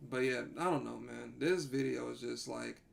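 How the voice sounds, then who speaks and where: Gravelly-voiced man reacting on a livestream. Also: mid-range voice, normal speed. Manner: animated, exasperated, says bruh a lot.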